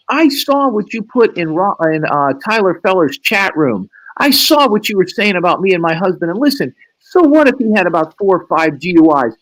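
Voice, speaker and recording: A man's voice: high-pitched, very animated, fairly quick, fairly bright tone, rough recording. A man telling a long, profane story as a guest on a live stream, acting out what other people said in a raised voice. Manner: profane, acts out quoted lines in a raised voice. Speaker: livestream guest. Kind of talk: animated storytelling.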